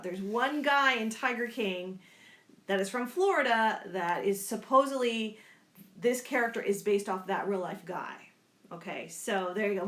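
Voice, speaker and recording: A woman's voice: a little high, a bit bright. A woman teacher and club advisor talking casually to students on a video call, chatty and often checking in with her listeners. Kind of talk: casual talk in an online club meeting. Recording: echoey room.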